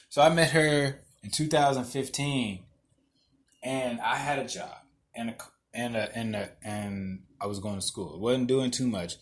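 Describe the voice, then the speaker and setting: A young adult man hosting a podcast, telling blunt, profane stories in a casual monologue and often laughing through them. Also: mid-range voice. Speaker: podcast host.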